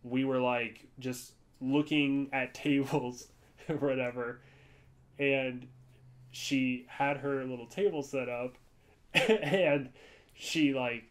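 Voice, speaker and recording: Dude on a podcast rambling through a story, mid pitch, chill chat vibe. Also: male voice, fairly even intonation, takes it slowly. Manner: rambling storyteller, jumps to high-pitched voices for quoted people. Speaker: podcast co-host. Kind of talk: casual chat.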